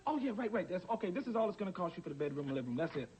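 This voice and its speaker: An actor playing a chatty, folksy middle-aged house painter who rambles and haggles, in a sitcom. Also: male voice, high-pitched, big pitch swings, slight background noise, rough recording. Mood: haggling. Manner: rambling, folksy, fast-talking. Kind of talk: sitcom acting. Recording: sitcom audio with loud studio audience.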